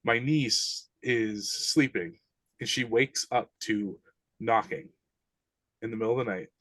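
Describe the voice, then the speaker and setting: A man's voice: fairly low pitch, a little slow, fairly bright tone, no echo. A man, a podcast guest, animatedly recounting eerie experiences in casual, slangy speech. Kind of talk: casual storytelling.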